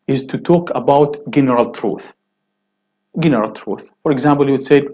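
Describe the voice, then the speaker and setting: A man teaching an English grammar lesson, slowly repeating example sentences and stressing key words. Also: mid-range voice, a little mellow. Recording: dull lo-fi recording.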